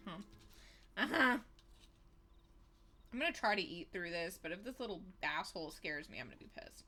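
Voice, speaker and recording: A woman's voice: fairly low pitch, lively intonation, normal speed, long pauses, sharp tone, soft background music. A woman livestreaming a game, talking sarcastically and swearing freely while eating. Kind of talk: gameplay livestream commentary.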